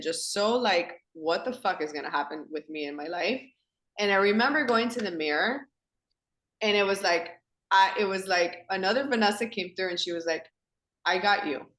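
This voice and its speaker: A woman hosting a women's circle on a phone call. She talks with earnest feeling, often says "like", and breaks into animated, excited voices. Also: fairly low pitch, echoey room. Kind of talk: spiritual talk to a women's group. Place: home in Miami.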